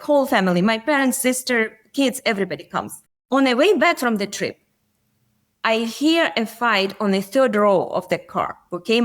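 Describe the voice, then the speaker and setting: A middle-aged woman, a physician and coach, telling stories earnestly in a podcast interview. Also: a little high. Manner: earnest, storytelling, occasional grammar slips.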